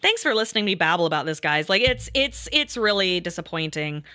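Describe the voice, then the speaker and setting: A woman's voice: lowish voice, very animated, fairly quick, sharp tone, no echo, studio quality. A woman streamer telling a casual, rambling story, full of asides and swearing. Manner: rambling, profane, with lots of asides.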